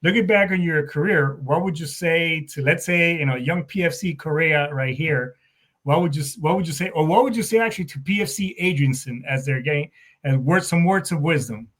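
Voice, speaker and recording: A man hosting an interview, a Marine veteran himself, with a fairly high voice. He talks in a loose, friendly way, with casual slang and rambling questions. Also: fairly quick, a bit bright. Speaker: podcast host, Marine veteran.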